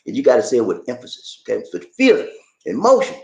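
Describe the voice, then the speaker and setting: A preachy, emphatic man giving relationship advice in a vlog. His pitch swoops widely and leaps high when he drives a point home. The voice rings in an echoey room. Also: huge pitch swings, fast, vocal fry, darkish tone. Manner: emphatic, preachy, calls the listener "man" and "baby". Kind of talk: casual motivational advice talk.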